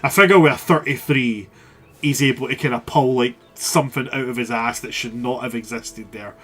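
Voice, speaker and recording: A man's voice: mid-range voice, normal speed, fairly bright tone, soft background music. A man narrating as game master, thinking aloud casually.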